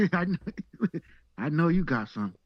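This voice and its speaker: Upbeat higher-voiced man, lo-fi call. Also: lively intonation, no echo. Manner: upbeat, teasing, quick to react. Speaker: podcast co-host. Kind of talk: casual chat on a live video call. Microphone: webcam video call. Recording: dull lo-fi call audio.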